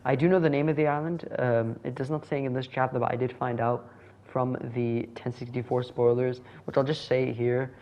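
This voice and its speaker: A man's voice: mid-range voice, level tone, normal speed. Rambling casual man, lo-fi sound. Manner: rambling, self-correcting, chuckles often. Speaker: manga reviewer. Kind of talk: casual solo commentary.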